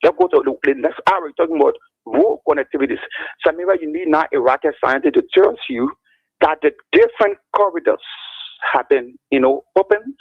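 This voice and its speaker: A man calls in to defend his point, repeatedly naming the host. His high voice is gravelly and husky, with huge swings in pitch. The phone-like line sounds dry and tinny. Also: very animated, a little fast, no echo. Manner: argumentative, addresses the host by name. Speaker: caller. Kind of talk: political call-in commentary.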